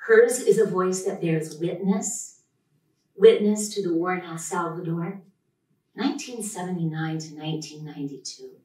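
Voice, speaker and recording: A woman professor gives an enthusiastic, heartfelt introduction at a live poetry reading, speaking into a podium mic in a lecture room. Her voice is on the low side, a little mellow, at a moderate pace, captured distantly in an echoey hall.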